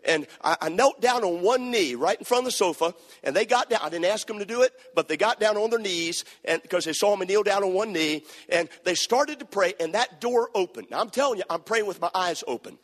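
High-voiced preacher in echoey church. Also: male voice. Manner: folksy storytelling, repeats words, builds to shouting. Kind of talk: sermon with storytelling. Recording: long church hall reverb.

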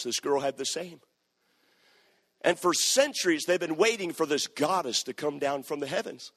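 A middle-aged man preaching in a church sanctuary, his fairly high voice carrying a long reverb off the walls of the hall. He tells his stories with dramatic flair, acting out the voices in them, and drives his points home with emphatic, rising exhortation. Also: animated, moderate pace, a bit bright. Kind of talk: sermon.

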